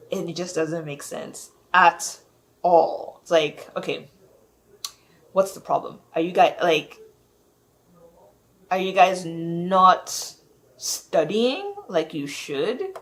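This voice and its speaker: A woman talks straight to camera in a loose, rambling rant, piling up fillers as she circles her point. Her voice sits a little on the low side. She sounds thoroughly fed up. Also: expressive, very slow, pauses often, a bit bright. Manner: exasperated, rambling, heavy use of "like". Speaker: vlogger.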